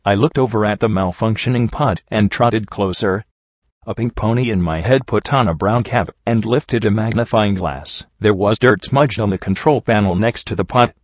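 A man narrating a first-person fantasy story as an audiobook reader, in a steady dramatic reading. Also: lowish voice, moderate pace, no room sound, lo-fi sound.

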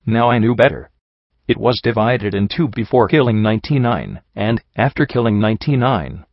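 A man reading the lines of a guilt-ridden, defensive young pony mare from a storybook in a low voice. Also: expressive, moderate pace, no echo. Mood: anguished. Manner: anguished, self-doubting outbursts. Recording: dull lo-fi audio.

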